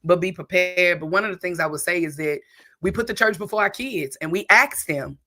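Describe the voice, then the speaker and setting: A woman's voice: fairly low pitch, a little fast, bright, forceful tone. A woman pastor co-hosting a church talk show, speaking in an emphatic, preacherly way. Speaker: pastor and co-host.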